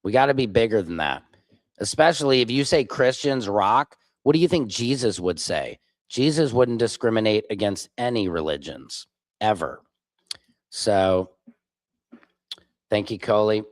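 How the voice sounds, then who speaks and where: A man's voice: lowish voice, lively intonation, a little slow, no room sound. A man from Minneapolis hosting a livestream, reacting to clips and answering chat comments in an informal, argumentative way. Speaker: livestream host.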